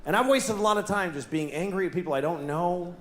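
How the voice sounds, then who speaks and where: A man doing a stand-up routine, exasperated and building to shouted rants. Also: sits high, fast. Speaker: stand-up comedian. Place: comedy stage. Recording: echoey venue with audience noise.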